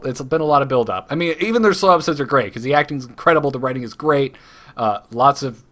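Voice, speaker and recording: Easygoing male podcast host, mid pitch. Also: fairly bright tone. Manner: easygoing, chatty, halting restarts. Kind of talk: casual podcast chat.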